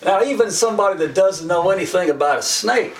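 A man's voice: high-pitched, lively intonation, fast. A middle-aged man preaching a sermon in a folksy, humorous way, chuckling often and acting out the characters he quotes. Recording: echoey room from far off with faint noise.

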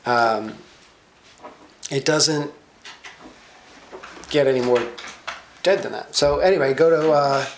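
A man's voice: medium pitch, takes it slowly, long pauses, a little hiss or hum. A man leading a sermon-style Bible study, emphatic and quizzing his listeners with questions, in an echoey room. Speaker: Bible teacher.

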